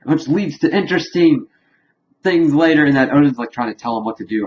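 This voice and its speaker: Guy rambling thru a tv episode recap, mid pitch, kinda muffled lo-fi audio. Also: fairly quick, a little hiss or hum. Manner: rambling, animated retelling with laughs. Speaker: TV episode reviewer. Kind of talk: casual spoiler recap.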